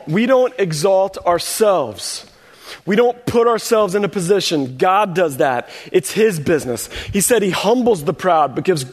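A man's voice: high voice, big-room sound. A man preaching a sermon in a conversational way, acting out short quoted voices of the people in his story. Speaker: pastor.

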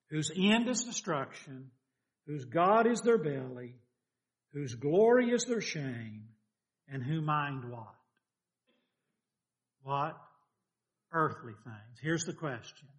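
Folksy older preacher man. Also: on the high side. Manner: folksy, animated, questioning the congregation. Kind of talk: sermon.

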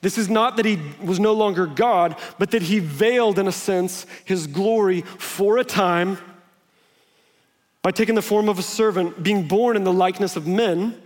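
A man's voice: high-pitched, normal speed. A man preaching a sermon, telling stories in a conversational way and acting out the quotes. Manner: conversational storytelling with laughs and acted-out quotes. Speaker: pastor. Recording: long hall reverb.

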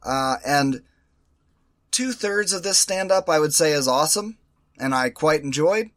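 A man's voice: fairly high pitch, animated, measured pace, fairly bright tone, dry recording, clean studio sound. A man co-hosting a casual podcast, wry and opinionated, teasing his co-host while giving reviews. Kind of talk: casual chat.

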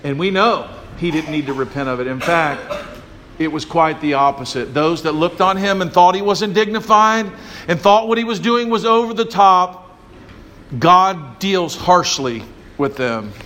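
A man's voice: high voice, animated, measured pace, pushed and bright. A male pastor preaching a sermon, emphatic and drawing call-and-response from the congregation.

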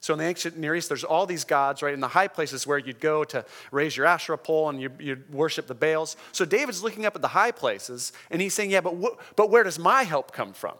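A man preaching a sermon in a conversational, emphatic way, often slowing down to stress key words. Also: a little high, pushed and bright. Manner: conversational, emphatic, checks in with the congregation. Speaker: pastor.

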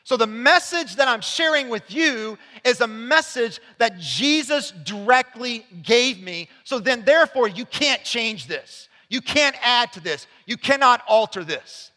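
A man preaching in a high, bright voice that cuts through the space. He talks conversationally, sliding from quiet asides into loud, emphatic lines. The sound rings out with a long reverb from the church hall around him. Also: expressive, a little slow, few pauses. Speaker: pastor. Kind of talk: sermon. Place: church sanctuary.

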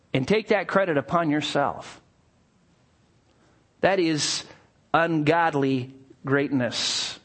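A male pastor preaching a sermon. He swings between hushed asides and excited bursts, and acts out little scenes with playful voices. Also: high-pitched, husky.

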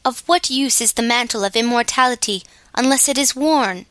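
A woman voicing a bold, kindly male immortal who pleads earnestly and slowly before a council. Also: extremely high pitch, fairly bright tone, clear, resonant tone, no room sound.

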